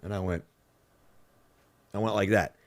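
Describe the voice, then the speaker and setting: A podcast host with a low voice and measured pace tells a story over casual, swear-filled conversation. Animated throughout, he performs the lines of the characters he describes.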